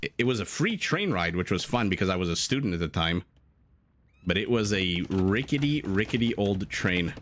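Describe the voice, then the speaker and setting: A man's voice: deep voice, animated, normal speed, a bit bright, slight background noise. A man casting a strategy game live, chatting and joking with his viewers between plays. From Canada. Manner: chatty, jokey, breaks off to answer chat. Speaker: game caster. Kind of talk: live esports commentary, reading chat.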